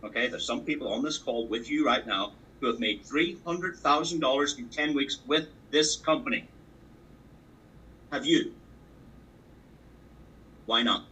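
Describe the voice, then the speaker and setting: A man's voice: medium pitch, unhurried, long pauses, sharp tone, recorded from a distance, poor audio. Emphatic, repetitive man coaching a call. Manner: emphatic and repetitive, drives points home with sports analogies. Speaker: business opportunity trainer. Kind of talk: motivational training talk. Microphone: call audio.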